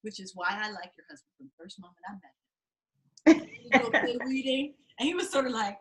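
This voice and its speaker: A woman's voice: a little high, expressive, fast talker, pushed and bright, a little hiss or hum. A woman teaching an acting class, telling blunt, profane stories and acting out the people she quotes. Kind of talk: class talk to students.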